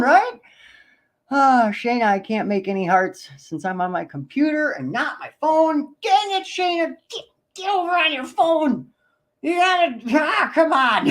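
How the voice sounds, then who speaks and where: A man hosting his own livestream, talking excitedly and rambling to his viewers. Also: extremely high pitch, unhurried, low-quality recording. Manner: hyped and pumped, loosely rambling, addresses viewers directly. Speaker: livestream host.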